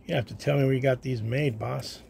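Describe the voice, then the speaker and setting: Guy unboxing baseball cards, chatty and gravelly, mumbles to himself, noisy home recording. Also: medium pitch, fairly even intonation, fairly quick, darkish tone. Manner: chatty, talks to himself while unpacking, drops to whispers. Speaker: card collector vlogger. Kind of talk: casual unboxing chat.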